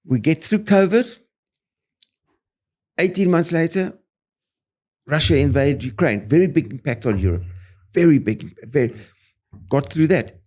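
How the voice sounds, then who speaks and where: A man's voice: fairly high pitch, a little slow, pauses often. Older South African man telling punchy stories. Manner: animated, punchy storyteller with many fillers and restarts. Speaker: property developer guest. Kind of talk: interview storytelling.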